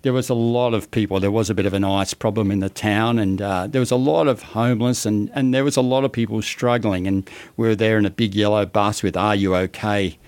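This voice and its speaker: A middle-aged Australian man hosting a podcast, his voice sitting a little low. He tells a long story in loose, casual talk, circling back with repeated words and fillers. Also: fairly even intonation, brisk, few pauses, a little mellow. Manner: rambling with many restarts and fillers. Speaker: podcast host. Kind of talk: casual interview chat, storytelling.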